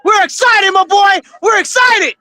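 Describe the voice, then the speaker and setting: Shouting excitable man on a call. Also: very high voice, measured pace. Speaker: remote guest. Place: on location at a game, outdoors among crowd.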